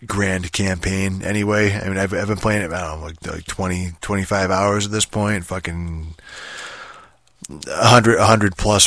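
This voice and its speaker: A young man with a very low voice that still has a bright, forceful edge talks loosely and rambles. He peppers every sentence with swearing, fillers and restarts. The sound is dry and close, with no room around it. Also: no echo. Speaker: gamer talking about a strategy game. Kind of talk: casual rambling chat.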